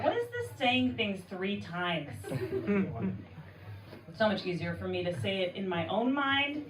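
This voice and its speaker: A woman from Oakland, California doing a stand-up comedy set, telling stories deadpan with quick asides and acting out the people she quotes. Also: mid-range voice, recorded from a distance, background noise. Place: live comedy club with audience. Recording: echoey room, mic heard from afar, crowd laughter.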